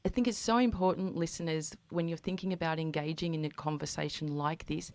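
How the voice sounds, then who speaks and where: A woman hosting a radio interview, speaking reflectively and warmly to listeners. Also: low voice, steady tone, a little fast, no room sound. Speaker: radio host.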